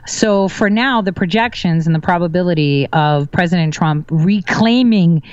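A woman's voice: lowish voice, normal speed, darkish tone, clean tone, no echo, muffled recording. A woman guest on a talk show, speaking in casual chat with assertive, confident claims.

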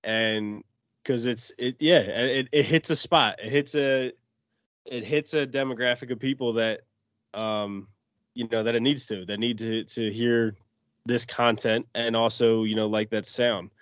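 A man's voice: mid-range voice, fairly even intonation, a little slow, fairly bright tone, no room sound. Laid-back man hosting a chat, dry sound. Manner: laid-back, slangy and hesitant. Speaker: podcast host. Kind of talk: casual interview talk.

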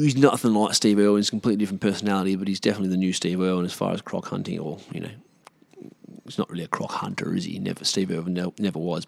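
A man's voice: fairly low pitch, creaky. Swearing Australian man in his thirties ranting. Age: 30s. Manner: profane, rambling, sarcastic. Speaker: podcast host. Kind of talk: solo rant.

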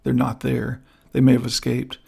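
A man's voice: medium pitch, completely flat delivery, moderate pace, gravelly, warm tone, breathy edge, full character voice. A man reading the part of an anxious young artist held prisoner. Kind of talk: audiobook character voice.

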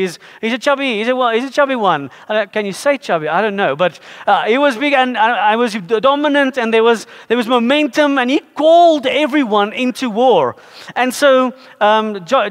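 A middle-aged woman preaching to a congregation, rambling a little, with joking asides and self-corrections. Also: a little high. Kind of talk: sermon to a congregation. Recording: long reverb of a large hall.

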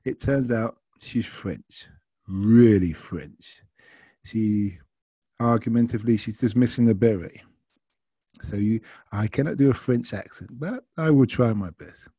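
Dark husky man telling a taxi story. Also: lowish voice, unhurried, no room sound. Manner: chatty, anecdotal, quoting others. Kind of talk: casual storytelling.

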